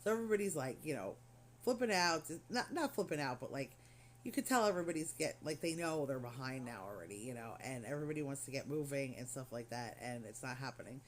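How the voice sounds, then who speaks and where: A woman's voice: a bass voice, animated, fast, slight background noise. A middle-aged woman craft vlogger telling a story in casual, rambling chat full of fillers and asides.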